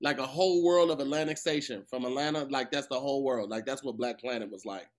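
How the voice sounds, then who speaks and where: A man co-hosting a casual podcast, cracking jokes in an animated way. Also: mid-range voice, fast talker. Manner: joking, animated. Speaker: podcast co-host. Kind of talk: casual debate chat.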